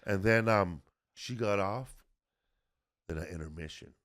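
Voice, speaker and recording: A man's voice: sits low, unhurried, fairly bright tone. A middle-aged man hosting a podcast, telling comedy-tour stories in a loose, profane, casual way. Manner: loose, profane, peppered with "bro". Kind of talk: casual storytelling chat.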